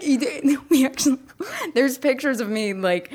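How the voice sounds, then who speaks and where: A young woman co-hosting a podcast, telling a story in an animated way and laughing often. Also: sits high, normal speed. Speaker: podcast co-host. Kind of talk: casual chat.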